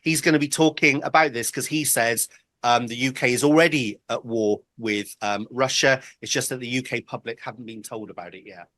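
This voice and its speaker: Opinionated male guest, sharp tone, dry sound. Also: medium pitch, a little fast, no room sound. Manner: blunt, opinionated, many ums. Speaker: panel guest, fellow show host. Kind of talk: panel news debate.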